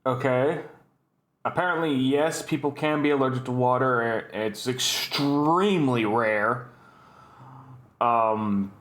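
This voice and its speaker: A man chatting loosely as the host of his own channel, drifting from story to story and swearing freely. His mid-pitched voice rings off the walls of a roomy, echoey space. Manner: rambling, swears often, laughs at his own stories. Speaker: YouTube host. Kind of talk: casual storytelling and reaction commentary. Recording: roomy echo.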